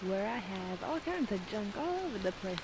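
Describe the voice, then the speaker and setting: A woman's voice: mid-range voice, lively intonation, moderate pace, noisy background. A woman commenting sarcastically while playing a video game, joking and swearing. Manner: sarcastic, profane, jokey. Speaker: game streamer. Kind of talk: let's play commentary.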